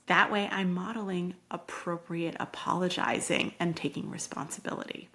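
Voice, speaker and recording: Gravelly-voiced woman giving parenting advice. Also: on the low side, moderate pace, few pauses. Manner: calm, explanatory, acts out parent and child quotes. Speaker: parenting podcast host.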